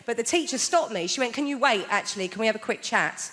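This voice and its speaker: A woman's voice: fairly high pitch, expressive, quick pace, a bit bright. A woman in her thirties from England performing a stand-up comedy routine, telling playful stories and slipping into acted-out voices. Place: large theatre stage. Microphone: stage microphone. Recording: live theatre hall with long reverb and audience noise.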